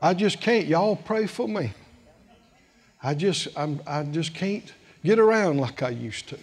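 A preacher voicing a self-pitying old person who complains about weakness and getting old. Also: male voice, on the high side, animated, measured pace, husky, pitched below the performer's own voice, heavily acted. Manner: pitiful, sighing, complaining.

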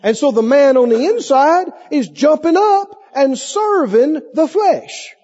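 A man preaching a sermon with lively delivery, playing out cravings in mock voices, recorded on a muffled tape in a hall. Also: extremely high pitch, measured pace.

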